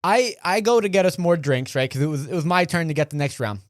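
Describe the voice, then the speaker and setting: A man's voice: fairly high pitch, fast talker, no echo, clean studio sound. A young man co-hosting a podcast, casually telling a story and acting out other people's lines. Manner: animated, acts out quoted voices. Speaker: podcast co-host.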